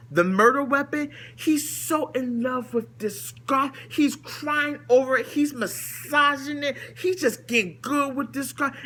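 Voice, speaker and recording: A woman with a bright, rather high voice delivers a casual to-camera rant. She sounds blunt and exasperated, piling up rhetorical questions and throwing in flat dismissive asides. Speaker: vlogger reviewing a TV episode.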